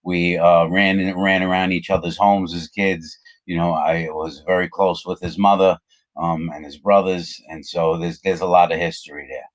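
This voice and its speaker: A middle-aged man hosting a casual talk, speaking in a measured, reflective way with plenty of fillers. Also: low-pitched, level tone. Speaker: channel host, former prisoner. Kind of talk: casual conversational chat.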